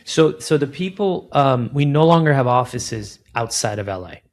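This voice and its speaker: Speaking at a moderate pace in a medium-pitched voice, a middle-aged man who founded a recruiting firm chats casually in an interview. His animated stories include acted-out quotes and lots of "man" and "like."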